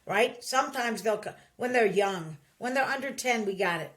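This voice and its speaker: A woman's voice: on the high side, measured pace. A middle-aged woman hosting a podcast, giving casual advice and acting out the voices of people she quotes. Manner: animated, acts out quoted voices. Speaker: podcast host.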